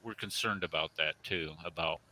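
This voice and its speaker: A man hosting an online discussion panel, blunt and emphatic, swinging between loud outbursts and low asides. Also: normal speed, a crowd in the background. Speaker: host.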